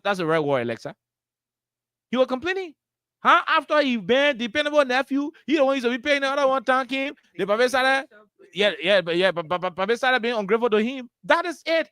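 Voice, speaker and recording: A man's voice: very high voice, a bit bright, no room sound, clean studio sound. A man with a Liberian English accent giving impassioned political commentary as a radio talk host, full of rhetorical questions and repetition. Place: radio studio.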